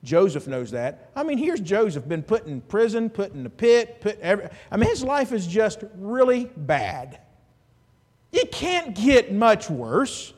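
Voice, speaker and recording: A man preaching in a church sanctuary, his voice sitting a little high for a man. He swings from loud, animated stretches to hushed ones and drops in chuckling asides. A long reverb trails every phrase. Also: measured pace, husky. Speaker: pastor. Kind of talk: sermon.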